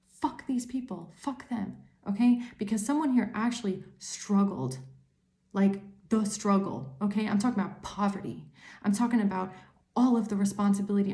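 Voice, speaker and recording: A woman's voice: mid-range voice, warm tone, roomy sound. A woman giving a tarot reading to her viewers, ranting angrily and swearing a lot. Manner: angry ranting, heavy swearing. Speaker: tarot reader.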